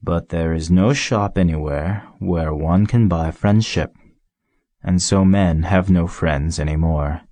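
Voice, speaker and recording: A man voicing a wise, patient fox, deep and slow. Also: no room sound. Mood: musing. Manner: gentle, measured explaining. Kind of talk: audiobook character reading.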